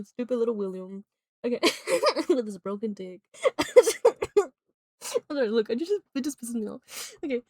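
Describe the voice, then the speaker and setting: A woman's voice: a little high, expressive, moderate pace, darkish tone, dry recording. A woman live-streaming while she draws, recapping a movie in rambling casual chat full of "like" and bursts of laughter. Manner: rambling, constant filler "like", breaks into laughter.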